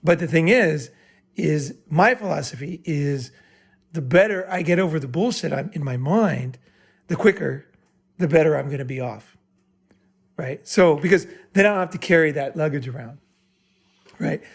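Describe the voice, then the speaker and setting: A man's voice: a little high, animated, moderate pace, breathy edge. A man speaking at a live summit and answering an audience member bluntly, with profanity, often checking in with "right?". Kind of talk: live Q&A talk.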